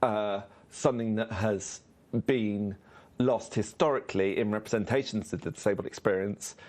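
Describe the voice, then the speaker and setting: A screenwriter being interviewed on stage, speaking haltingly with many restarts and fillers. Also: male voice, on the low side, a little mellow. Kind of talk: conversational interview. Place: on stage at a live festival event.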